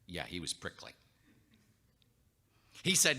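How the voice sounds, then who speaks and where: A man tells a comic story in a wry, theatrical manner. His pitch swings widely and his tone is bright. The sound rings in a long chapel reverb. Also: wildly swooping pitch, moderate pace, pauses often. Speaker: storyteller performer. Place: chapel stage.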